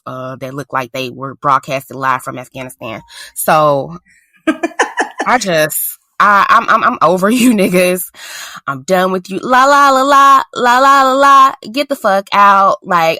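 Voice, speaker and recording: Animated, bright-voiced woman podcast host. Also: low-pitched, a little slow, no room sound. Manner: animated, laughing, blunt and sarcastic. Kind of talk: casual chat.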